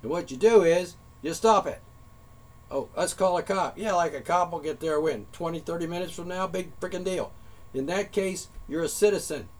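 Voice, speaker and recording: A slightly high-voiced man rants at his audience in a heated, confrontational monologue. He swears often and presses his points with rising force. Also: brisk. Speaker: vlogger. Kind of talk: angry monologue rant.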